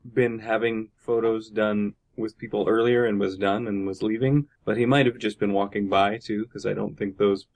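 A man's voice: on the low side, fairly even intonation, normal speed, few pauses. A man co-hosting a casual chat, telling stories in a rambling way with lots of asides. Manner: rambling storyteller, full of asides.

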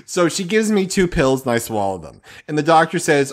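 A man's voice: a little high, big pitch swings, a little fast, few pauses. A young man telling a comic story with sarcasm, acting out other people's lines. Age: young adult.

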